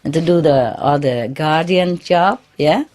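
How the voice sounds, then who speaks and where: Low-voiced woman giving a chatty spiritual talk. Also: unhurried, a little mellow. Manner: chatty, laughs often, ends phrases with "yeah?"; non-native English grammar, frequent fillers and restarts. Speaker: spiritual teacher. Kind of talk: informal spiritual talk to followers.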